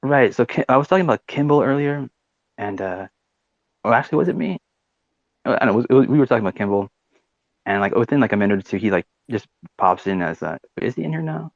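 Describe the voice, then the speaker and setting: Fast-talking gravelly man hosting a chat room. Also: medium pitch, lively intonation, no room sound, highs cut off. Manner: rambling, swears, many fillers like "you know" and "right". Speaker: host of a live audio chat room. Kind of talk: casual chat.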